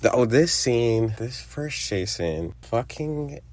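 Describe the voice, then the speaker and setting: A man's voice: mid-range voice, animated, slow pace, a little mellow, dry recording. A young man casually reviewing a film for a podcast, rambling and swearing, with frequent laughs. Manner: rambling, profane, laughs often. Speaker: podcast host.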